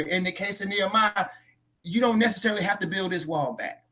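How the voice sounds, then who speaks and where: A man's voice: high-pitched, fairly quick, sharp tone. A man talking about faith on a church talk show after a sermon, emphatic and preacherly, repeating his key lines. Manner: trains others in tone and inflection. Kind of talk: casual faith discussion.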